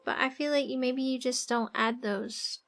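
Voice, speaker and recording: Woman streamer, high voice, giggly, rambling casual chat to viewers, faint music underneath. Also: steady tone, moderate pace, fairly bright tone. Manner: chatty, giggly, thinks aloud while drawing.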